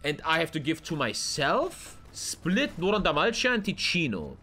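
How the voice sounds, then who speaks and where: A man giving casual, excitable gameplay commentary while he plays, swearing often and swinging between loud outbursts and low mutters. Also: normal speed, a little hiss or hum. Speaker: gaming streamer.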